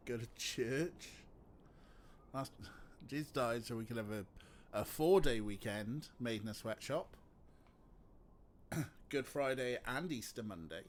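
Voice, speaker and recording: Guy rambling slowly over a game stream, faint noise. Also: mid-range voice. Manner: rambling, chatty, joking. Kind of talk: casual gameplay commentary.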